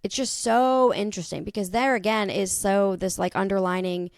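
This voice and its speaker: Gravelly-voiced woman podcast host rambling. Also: mid-range voice, fairly even intonation, moderate pace, no room sound, studio quality. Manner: rambling, thinks out loud, swears. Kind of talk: casual monologue.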